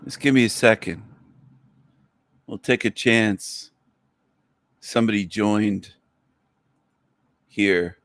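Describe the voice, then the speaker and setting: Male stream host, slow delivery, blunt and mocking, dry recording. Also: fairly low pitch, a bit bright, dry recording. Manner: blunt, insulting toward callers. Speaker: livestream host. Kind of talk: live stream commentary.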